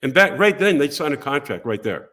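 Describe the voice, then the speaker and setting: An older man tells a long story as a talk show guest, his pitch rising and falling a great deal. He slips into the voices of the people he quotes, keeping the telling animated and theatrical. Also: brisk. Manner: lively, acts out voices and quotes in his stories.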